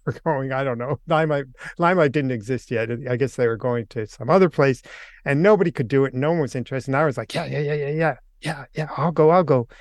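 An older man tells his story as a podcast guest, jumping into the voices of the people he quotes. His voice is smooth and resonant at a middle pitch. The sound is dry and close. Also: no echo. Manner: animated anecdote teller, acts out quotes. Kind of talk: casual storytelling.

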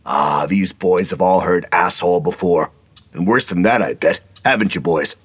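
A man voicing a crude, loudmouthed older ex-Marine grandfather who mocks and insults everyone. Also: low-pitched, moderate pace, breathy edge, no room sound. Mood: brash mocking. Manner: brash, mocking, insulting.

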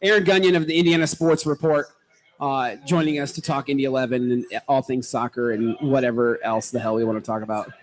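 A man's voice: medium pitch, steady tone, brisk. A man hosting a casual soccer talk show, introducing guests and cracking jokes. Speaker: podcast host. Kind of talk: casual chat.

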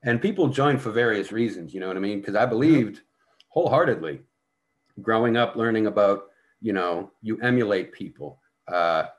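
Deep-voiced blunt middle-aged man. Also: animated, moderate pace. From United States. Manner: heavy swearing, blunt, vivid storytelling. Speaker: podcast guest, veteran actor. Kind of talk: casual storytelling conversation.

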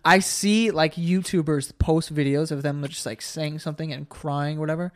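Young dude with a high voice cohosting a podcast, swears a lot, goofing around. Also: male voice, fairly even intonation, moderate pace. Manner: loose, profane, joking banter. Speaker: podcast co-host. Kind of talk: casual chat.

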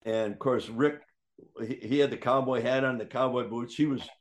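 A man telling a casual anecdote, animated and jumping up in pitch when he acts out what others said. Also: moderate pace. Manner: animated, acts out quoted voices with big pitch jumps. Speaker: storyteller guest.

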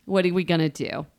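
A woman's voice: on the low side, darkish tone. A woman from Columbus, Ohio, co-hosting a podcast, chatting casually and gossipily about reality TV and laughing often. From Columbus, Ohio, USA. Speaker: podcast co-host. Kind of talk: casual reality-TV recap chat.

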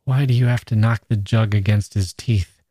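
A man's voice: fairly low pitch, steady tone, normal speed, mellow, slightly rough, no echo, clean studio sound. A man reading the part of a fevered, dying old soldier who grumbles and scolds irritably. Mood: irritable.

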